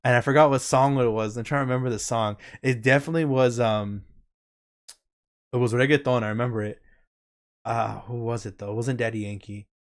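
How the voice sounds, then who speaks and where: A man's voice: medium pitch, fairly even intonation, a little fast. Laid-back young man telling a story. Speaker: streamer host. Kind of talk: casual chat.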